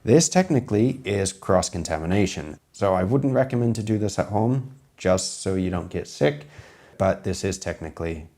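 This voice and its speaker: A man's voice: deep voice, animated, normal speed, a little mellow. A man, a chef, casually commenting on a cooking video and explaining tips to viewers, his voice a little strained from being sick. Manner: explanatory, talks to viewers as "guys". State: voice strained from recent illness.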